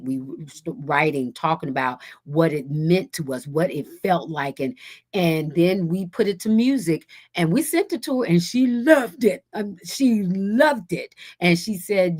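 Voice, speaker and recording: A woman guest on a radio talk show, telling a story casually with many restarts and acting out other people's voices. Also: unhurried. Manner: animated, acts out quoted voices with big pitch jumps; rambling with frequent restarts.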